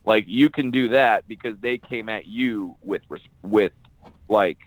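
A man's voice: on the low side, measured pace, dry recording, low-quality recording. Blunt, profane man telling comedy stories. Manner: profane, blunt and joking, acts out quoted people. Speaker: stand-up comedian guest. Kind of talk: casual podcast interview, storytelling.

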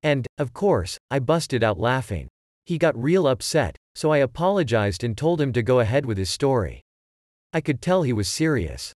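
Expressive male storyteller, dry sound. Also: medium pitch, normal speed, no echo. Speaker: narrator. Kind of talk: scripted narration.

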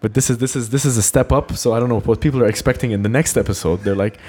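Male podcast host, easygoing, laughs a lot, halting restarts. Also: medium pitch, darkish tone, slightly rough. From Lebanon. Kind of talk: casual podcast interview.

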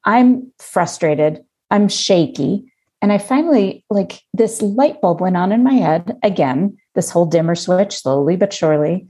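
A woman in her fifties telling a personal story in casual conversation, lively and acting out her own past thoughts. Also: on the low side, a little slow, husky. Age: 50s.

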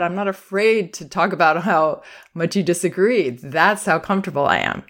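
Woman, podcast host, calm and reassuring parenting-advice talker. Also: fairly low pitch, measured pace. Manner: warm, reassuring, acts out quoted phrases. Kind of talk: advice talk.

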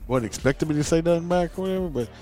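A man's voice: a little high, very fast, soft background music. A middle-aged man, a former police officer, telling a profane story on a podcast in casual chat and acting out both sides of the argument. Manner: profane, animated, acts out both sides of the exchange.

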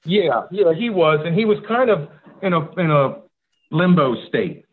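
Man, interview guest, slightly high voice, halting and relaxed, phone-like sound. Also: slightly rough. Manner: relaxed, halting, with many fillers. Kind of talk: casual interview chat. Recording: tinny phone-like line.

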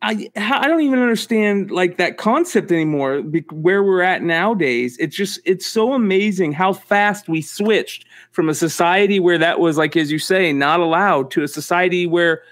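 Guy host asking questions, pretty high voice, chill chat. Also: moderate pace, hardly any pauses, no echo, clean studio sound. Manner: short reactions and eager questions. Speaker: interviewer. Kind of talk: casual interview.

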